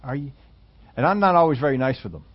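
Storytelling pastor, muffled lo-fi sound. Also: male voice, medium pitch, expressive, fast. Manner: conversational storytelling, laughs between points, bursts into loud emphatic quotes. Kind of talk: sermon.

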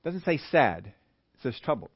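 A man preaching a sermon, animated, who acts out the voices he quotes. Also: mid-range voice, a little slow, husky, dry recording, lo-fi sound. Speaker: pastor.

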